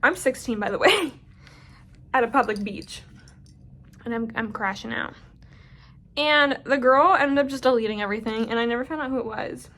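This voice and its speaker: A young woman telling a storytime vlog in an animated, dramatic way, swearing freely. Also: a little high, normal speed, long pauses. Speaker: vlogger.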